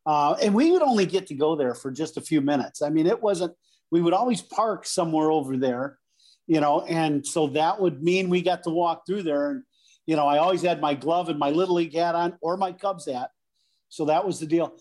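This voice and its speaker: A slightly high, slightly fast male voice belongs to a middle-aged guest who used to play pro baseball. Animated as he casually recounts anecdotes, he acts out the voices of the people in them.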